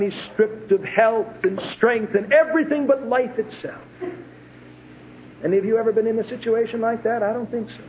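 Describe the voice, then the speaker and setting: A middle-aged man preaching a sermon as a pastor, with emphatic swells and sudden hushed drops. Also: high voice. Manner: emphatic preaching, rising to ringing climaxes and dropping to hushed tones. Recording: tinny phone-like old sermon tape with faint hiss.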